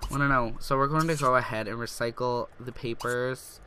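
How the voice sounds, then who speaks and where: A young man narrating a life-simulation game, reading its text aloud with slips and gushing with excitement. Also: medium pitch, fairly quick, slight background noise. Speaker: gaming YouTuber. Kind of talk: let's play commentary.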